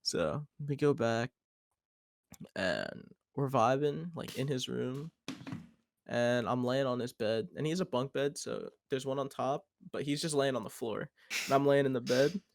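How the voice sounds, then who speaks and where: A man's voice: medium pitch, steady tone, normal speed, gravelly, slight background noise. A young man hosting a podcast, telling a long story in a rambling, laid-back way with plenty of "like" and swearing. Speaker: podcast host. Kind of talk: casual storytelling chat.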